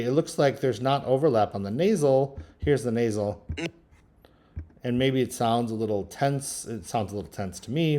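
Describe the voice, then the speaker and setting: Relaxed low-voiced man teaching software. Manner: relaxed, thinking aloud with frequent ums. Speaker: linguistics instructor. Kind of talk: screen-recorded software tutorial.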